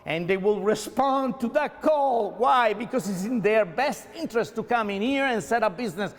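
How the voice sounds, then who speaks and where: A European-born man of fifty speaks in a news interview, his voice pitched high for a man. He talks emphatically and rambles, checking in with the listener again and again. A long reverb hangs around him. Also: lively intonation, normal speed. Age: 50s. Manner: emphatic, rambling, repeats himself with tag questions. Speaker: mayoral candidate.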